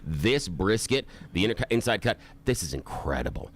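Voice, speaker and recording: A man's voice: fairly low pitch, big pitch swings, moderate pace, a little hiss or hum. A male radio co-host chatting casually and gushing with enthusiasm over the food. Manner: effusive, enthusiastic food praise.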